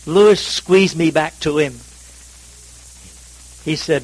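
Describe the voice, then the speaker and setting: Folksy preacher, higher voice. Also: male voice, slow, poor audio. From North Carolina, USA. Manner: folksy, self-deprecating, dramatic swings in pitch and loudness. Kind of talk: sermon with humorous storytelling. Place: church service.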